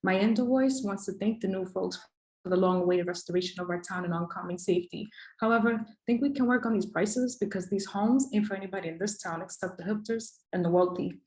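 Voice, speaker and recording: A woman's voice: mid-range voice, quick pace, darkish tone, poor audio. A woman performing a rhythmic, emphatic spoken word poem with a repeated refrain. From the Bronx, New York.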